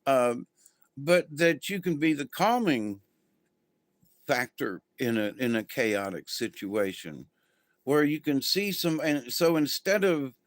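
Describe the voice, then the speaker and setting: A man's voice: medium pitch, big pitch swings, slow pace, dry recording. A man hosting a casual spiritual livestream, talking to viewers in a rambling, easygoing way with many ums and restarts. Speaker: spiritual channel host.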